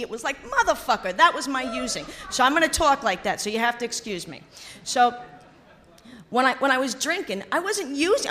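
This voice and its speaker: A woman's voice: fairly high pitch, a bit bright. Blunt profane older woman. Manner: blunt, profane, joking, with laughs. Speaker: speaker sharing her recovery story. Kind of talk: personal testimony to a meeting.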